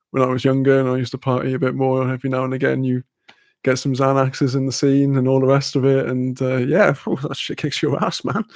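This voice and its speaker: Gravelly, rambling young streamer guy. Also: medium pitch, a little mellow, dry recording. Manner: rambling, swearing, laughing often. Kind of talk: casual livestream chat.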